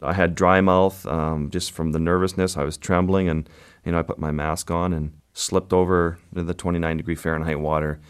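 A man, a wildlife photographer, telling a vivid story at an unhurried pace in an interview. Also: low voice, flat delivery, smooth.

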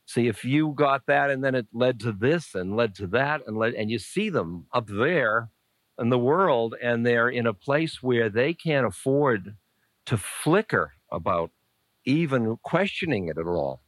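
A man's voice: mid-range voice, no room sound. A man in his sixties giving a live dharma talk, answering audience questions in a conversational, playful, searching way with chuckles and asides. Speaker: spiritual teacher. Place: lecture room with a live audience.

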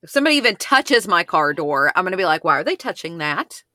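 A woman's voice: fairly low pitch, very animated, fast talker, sharp tone, dry recording, studio quality. A woman co-hosting a podcast, chatting casually and reacting to the story with gasps and short exclamations. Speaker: podcast co-host. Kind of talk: casual chat.

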